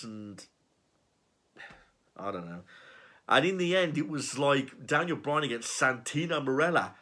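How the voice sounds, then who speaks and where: A man's voice: mid-range voice, moderate pace, fairly bright tone. A man giving a sarcastic, profane, exasperated rant reviewing a wrestling show. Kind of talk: ranting review.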